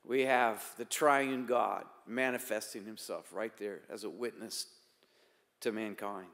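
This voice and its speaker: A man preaching a sermon as pastor, shifting between emphatic raised lines and quiet asides. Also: mid-range voice, big-room sound.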